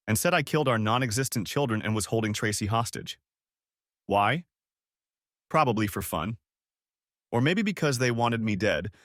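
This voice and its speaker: A man's voice: on the low side, fairly bright tone, no room sound, studio quality. A man giving dramatic, scripted first-person story narration. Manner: dramatic storytelling, acting out heated lines.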